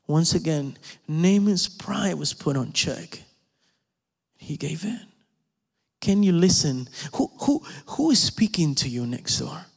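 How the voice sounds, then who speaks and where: A man preaching a sermon, emphatic and pleading, dropping at times to hushed whispers. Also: a little high, expressive, takes it slowly, creaky, long reverb tail.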